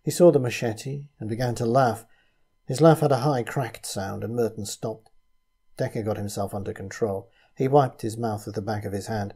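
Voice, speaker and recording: A man reading a story aloud as narrator, in a measured storytelling manner. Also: on the low side, mellow, breathy edge. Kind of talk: scripted narration.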